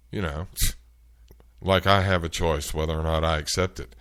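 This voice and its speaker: A man hosting a show, telling an animated, exasperated story in casual chat. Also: very deep voice, moderate pace. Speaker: show host. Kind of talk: storytelling rant.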